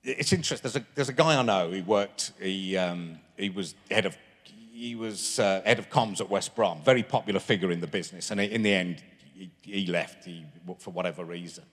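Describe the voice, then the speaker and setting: A man's voice: low voice, brisk. Rambling man in a big hall. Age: 50s. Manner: rambling storyteller with many restarts. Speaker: guest. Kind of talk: live stage interview, anecdotes. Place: large town hall stage. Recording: long reverb of a large hall.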